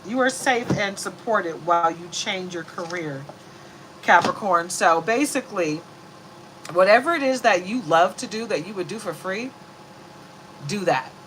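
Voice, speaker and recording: A woman's voice: mid-range voice, expressive, unhurried, fairly bright tone, a little hiss or hum, low-quality recording. A woman giving a casual, rambling zodiac reading who laughs easily. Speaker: tarot reader.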